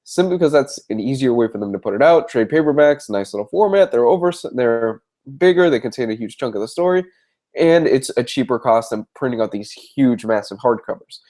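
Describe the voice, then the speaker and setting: A man's voice: medium pitch, lively intonation, brisk, a little mellow. A young man with a congested voice, answering viewer questions in a casual live-stream chat about comic books, talking in a rambling way with frequent restarts. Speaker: comic book reviewer.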